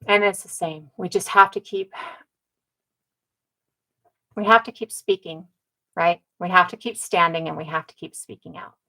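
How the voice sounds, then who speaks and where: A woman's voice: on the low side, normal speed, gravelly, pauses often, sharp tone, low-quality recording. A woman from North America giving an emphatic, casual talk, who repeats her points and keeps checking in with "right?". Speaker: speaker on ancestry and community.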